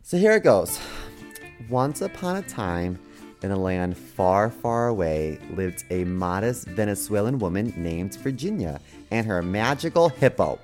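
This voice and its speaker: A man's voice: fairly low pitch, very animated, a little slow, darkish tone, faint music behind. A man co-hosting a comedy podcast, laid-back and giggly, reading a silly story in a mock-storybook way. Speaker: podcast co-host.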